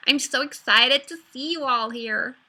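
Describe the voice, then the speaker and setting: A woman putting on the voice of an excited, gushing Californian woman during a live online talk. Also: sits high, very slow, voice pushed up, full character voice. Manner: breathless, gushing.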